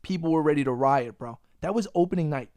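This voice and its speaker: A podcast host from Long Island, New York, rants in a casual podcast chat, his voice on the high side and his pace quick. The sound is dry and close with no echo, and he's profane and animated, saying "bro" a lot.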